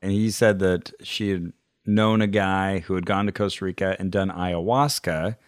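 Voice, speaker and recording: A man's voice: sits low, fairly even intonation, moderate pace, dry recording, studio quality. A man co-hosting a podcast in casual chat, adding wry, sarcastic asides. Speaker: podcast co-host.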